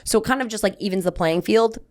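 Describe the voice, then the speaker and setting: A woman's voice: mid-range voice, fast. A young woman co-hosting a sports podcast, talking in a chatty, casual way. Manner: chatty, animated storytelling with laughs. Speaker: podcast co-host.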